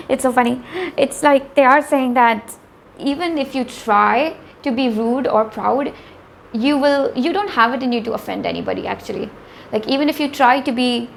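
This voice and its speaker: A young woman from India giving a casual tarot reading, chatty and animated, often laughing and talking straight to her viewers. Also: high-pitched, vocal fry, slight background noise. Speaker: tarot reader.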